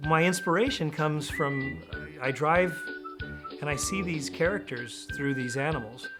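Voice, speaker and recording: A man's voice: a little high, unhurried, music in the background. A man, a children's author and falconer, answering interview questions in a rambling way. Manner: rambling, with many restarts.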